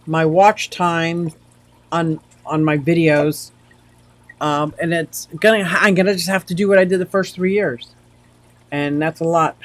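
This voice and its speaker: A woman's voice: fairly low pitch, no echo. A woman hosting a casual livestream from home, chatty and rambling as she reacts to the chat with frequent exclamations. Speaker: livestream host.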